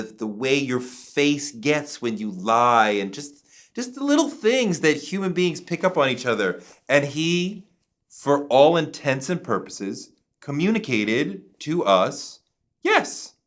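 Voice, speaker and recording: A male interview guest recounting a story with lots of rise and fall in his voice. He is emphatic, swears casually and slips into other people's voices as he quotes them. His pitch sits in a middle range for a man. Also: big pitch swings, takes it slowly, a bit bright.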